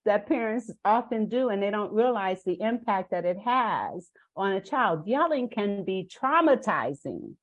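A woman's voice: medium pitch, big pitch swings, measured pace, few pauses. An older woman talks as a guest on a parenting podcast. She tells her stories in an earnest, emphatic way and stresses her points with care. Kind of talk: podcast interview.

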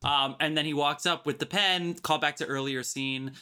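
A man's voice: on the high side, steady tone, moderate pace, pushed and bright, clear, resonant tone. A man co-hosting a podcast, chatting casually about a film, laughing easily and swearing. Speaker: podcast co-host.

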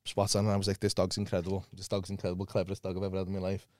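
A young man, a comedian telling animated, sweary stories in casual podcast chat. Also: low voice, rapid-fire, no room sound, studio quality.

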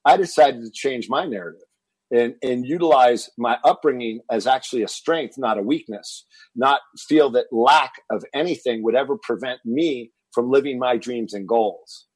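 Husky-voiced man telling a story. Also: mid-range voice, normal speed, dry recording, poor audio. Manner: animated, acts out quoted family dialogue. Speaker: podcast guest. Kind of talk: personal storytelling in an interview.

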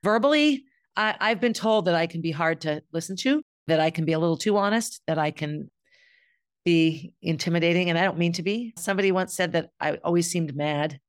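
A woman's voice: lowish voice, brisk, clear, resonant tone, no room sound, studio quality. A middle-aged woman speaking candidly and bluntly in a reflective personal monologue, as the host of her own show. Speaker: podcast host.

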